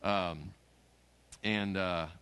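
A middle-aged man preaching a sermon as pastor, folksy and emphatic, mixing jokes with rising, forceful peaks. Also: low-pitched, steady tone, drawn-out words, clean tone.

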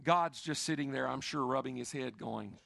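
A middle-aged man preaching a sermon, swinging from emphatic rises to quiet, intimate asides. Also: medium pitch, normal speed, creaky, no echo. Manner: expressive preaching, rising and dropping to soft, intimate asides. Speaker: pastor.

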